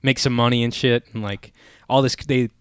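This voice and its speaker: A man's voice: medium pitch, steady tone, normal speed, smooth, no room sound. A man co-hosting a podcast in casual chat, rambling and swearing, with "like" in nearly every line. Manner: rambling, swears a lot, says "like" constantly. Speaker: podcast co-host.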